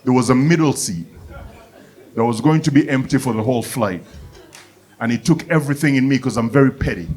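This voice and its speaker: A young man from Uganda doing a stand-up comedy set, telling a lively story and acting out the people in it. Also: mid-range voice, a little fast, long pauses, soft background music. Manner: animated storytelling, acts out characters, bursts of excitement. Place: comedy venue with live audience.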